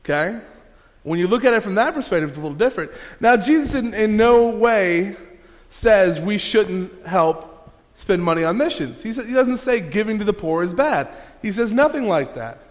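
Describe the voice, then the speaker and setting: A pastor delivers a sermon with a somewhat high-pitched male voice, talking in a loose, conversational way full of fillers and restarts. His voice rings with a long reverb, as if filling a church sanctuary. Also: animated, normal speed.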